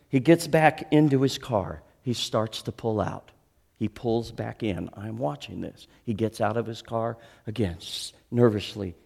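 A pastor preaching a sermon and telling a story in an animated way, swinging from loud to hushed. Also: male voice, mid-range voice, vocal fry.

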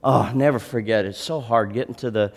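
Earnest pastor telling a story. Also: male voice, medium pitch, slightly rough. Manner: earnest, with frequent restarts and dramatic pauses. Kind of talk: sermon storytelling.

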